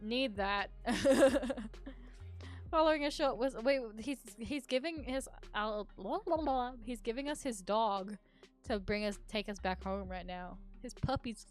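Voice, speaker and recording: A woman streaming a game, reading the text aloud, giggling, swearing and gushing about the characters. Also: medium pitch.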